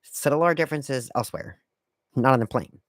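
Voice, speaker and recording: A man's voice: medium pitch, lively intonation, a little fast, no room sound, studio quality. A man hosting a casual solo podcast, laying out etiquette rules in a wry, lecturing way. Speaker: podcast host.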